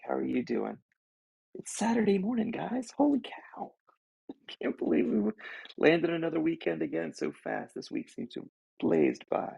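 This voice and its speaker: Gravelly guy hosting a video call, friendly, laughs a lot, husky voice. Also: on the high side, sing-song, moderate pace, dark tone, dry recording. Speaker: host. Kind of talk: casual chat.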